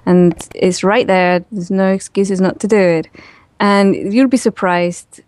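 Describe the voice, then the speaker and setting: A woman guest in a relaxed, chatty interview who laughs easily and uses lots of fillers. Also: mid-range voice, unhurried, dry recording. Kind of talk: casual spoken interview.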